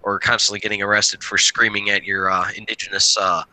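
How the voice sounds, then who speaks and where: A man's voice: lowish voice, little pitch movement, brisk, bright, forceful tone, no room sound, low-quality recording. A man in casual chat who jokes around and laughs often.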